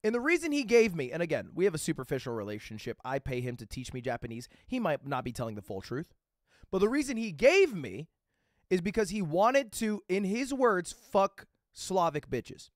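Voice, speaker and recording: A man's voice: high-pitched, sing-song, moderate pace, no room sound, studio quality. A man telling a live chat a rambling, casual anecdote, swearing freely and checking in with "okay?" and "right?" as he goes. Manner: casual and profane. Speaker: livestreamer.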